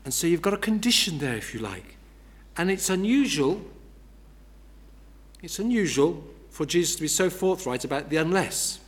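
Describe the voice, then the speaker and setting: A man's voice: on the high side, sing-song, moderate pace. A man preaching an expository sermon who explains step by step and repeats key words for emphasis.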